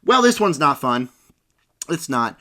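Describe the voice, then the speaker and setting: Male reviewer, lively swooping pitch, sarcastic and over the top. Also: measured pace. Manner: sarcastic, exaggerated. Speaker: movie reviewer. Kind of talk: casual movie review rant.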